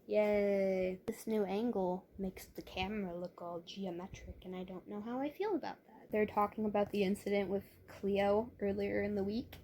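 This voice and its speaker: Reading a novel aloud with running commentary, a young book reviewer speaks at medium pitch with fairly even intonation and a slightly mellow quality. She talks at normal speed with hardly any pauses, chatty and wry, frequently tripping up and fixing her mistakes, over slight background noise.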